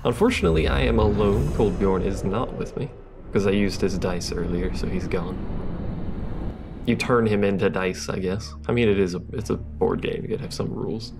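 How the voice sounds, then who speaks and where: In a creaky, lowish voice at a moderate pace, a let's play host talks over music. He reads the game's text aloud and adds wry, casual remarks about his play.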